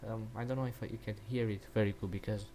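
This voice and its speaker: A man's voice: fairly low pitch, steady tone, fast, warm tone, a little hiss or hum. A man ranting in a crude, mocking and rambling way while he comments on a video, often restarting his sentences. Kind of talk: profane reaction rant.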